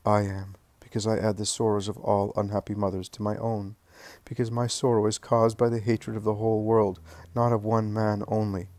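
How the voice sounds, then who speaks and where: Man reading as a calm sorrowful mother, soft grave tone, dry sound. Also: fairly low pitch, moderate pace, no room sound, close to an everyday voice.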